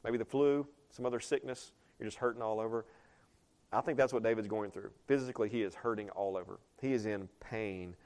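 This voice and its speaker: A man's voice: fairly low pitch, fairly even intonation, a little fast, a little mellow, clean tone. A man preaching a sermon, talking conversationally, asking the congregation questions and reading scripture aloud. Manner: reads scripture aloud in older English. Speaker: pastor.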